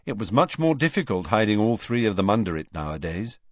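A man narrating a storybook aloud in a measured, expressive reading. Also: on the low side, dry recording, highs cut off. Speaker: audiobook narrator. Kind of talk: scripted narration.

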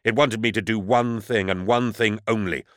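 A man reading a grim first-person audiobook narration in a measured, dramatic way. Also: on the low side, steady tone, a bit bright, no room sound, studio quality.

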